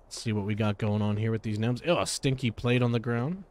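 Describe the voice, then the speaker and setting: A man giving casual gameplay commentary as a streamer, chatty and quick to exclaim, breaking off to talk to his dogs. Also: lowish voice, noisy background. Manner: chatty, exclaims often, talks to his dogs between game remarks. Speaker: gaming streamer.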